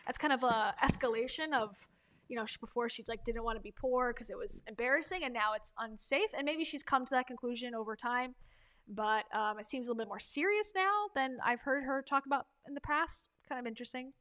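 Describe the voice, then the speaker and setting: A woman hosts a livestream and pauses a speech clip to pick it apart. Her voice runs slightly high, and her talk is loose and skeptical, packed with fillers. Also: a bit bright. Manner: chatty, critical, many fillers. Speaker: livestream commentator. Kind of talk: casual commentary on a clip.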